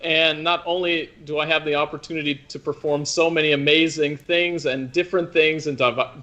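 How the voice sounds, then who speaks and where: Bright-voiced man, thoughtful guest. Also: fairly high pitch. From United States. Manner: thoughtful, many restarts and "you know". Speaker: opera singer, guest. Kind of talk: conversational interview.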